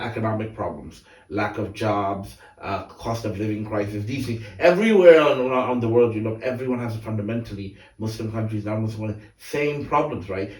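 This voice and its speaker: A man hosting a casual podcast chat, relaxed and joking, who laughs easily and says "bro" a lot. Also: fairly low pitch. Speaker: podcast host. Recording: echoey room, mic at a distance.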